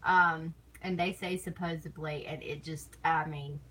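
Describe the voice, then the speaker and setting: A woman's voice: sits low, fairly even intonation, unhurried, fairly bright tone, husky, low-quality recording. A woman streamer chatting casually on stream, rambling and teasing, laughing often between thoughts. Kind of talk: casual chat.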